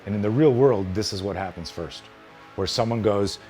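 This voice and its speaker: A man's voice: fairly low pitch, moderate pace, a little mellow, soft background music. A man teaching self-defense in a hands-on demonstration, blunt and emphatic with plenty of swearing.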